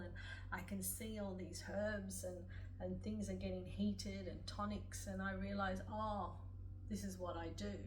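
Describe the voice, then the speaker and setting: A woman, an author earnestly retelling a personal story with frequent fillers. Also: medium pitch. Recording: distant mic, faint room noise.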